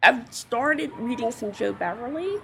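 A woman author being interviewed, talking in a halting, giggly way with many fillers. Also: a little high, animated, gravelly, noisy background. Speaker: guest author. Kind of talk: casual interview.

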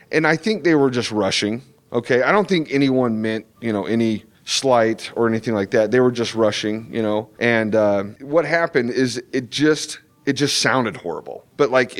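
A comic book artist talking with fans in a loose, rambling way, full of "you know" and false starts. His voice sits at a middle pitch, and he leans hard on his points with animated asides. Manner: rambling, many restarts and "you know" fillers. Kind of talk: convention interview chat.

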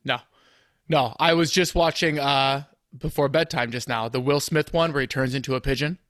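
A man hosting a casual podcast chat, easygoing and agreeable, often pausing to find his words. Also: medium pitch, steady tone, fairly bright tone, no room sound, studio quality. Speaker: podcast host.

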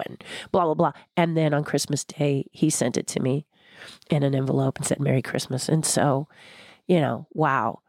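An older woman being interviewed, talking in a passionate, blunt and animated way. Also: deep voice, a little fast, no echo, studio quality. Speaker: guest, former theme park designer. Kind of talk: candid interview conversation.

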